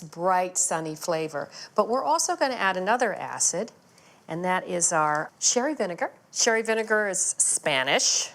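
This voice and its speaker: A woman TV chef hosting a cooking show, explaining each step in a chatty, enthusiastic way from a studio kitchen on a lapel mic. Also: mid-range voice. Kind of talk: cooking demonstration.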